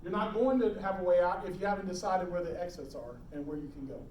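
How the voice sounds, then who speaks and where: A middle-aged man teaching emergency preparedness to a live audience, animated, quizzing the room and acting out scenes. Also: sits high, fast talker. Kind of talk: live classroom talk. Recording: roomy hall, distant mic, faint noise.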